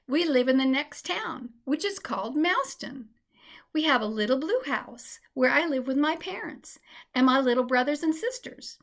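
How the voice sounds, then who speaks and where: A tiny girl mouse, sweet and homesick, speaks in a high, bright little voice that turns pleading and tearful, as a woman reads her aloud. This is a storybook telling with lively rises in pitch. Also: moderate pace, creaky. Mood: gentle.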